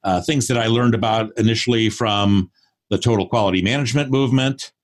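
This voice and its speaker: A man's voice: lowish voice, steady tone, fairly quick. Thoughtful older man telling stories. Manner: thoughtful, acts out quoted dialogue. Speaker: podcast guest, performance consultant. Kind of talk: casual interview talk.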